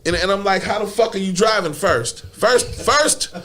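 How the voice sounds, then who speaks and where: A man's voice: sits high, normal speed, fairly bright tone, slight background noise. A man who is a guest on a podcast, telling a story in casual, profane slang, stumbling over repeated words and laughing often.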